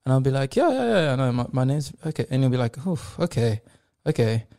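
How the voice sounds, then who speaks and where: A man with a gravelly, creaky voice at a middling pitch, chatting as a podcast guest. He is a musician who tells laid-back stories and laughs easily. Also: very animated, fast, dark tone. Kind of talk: casual chat.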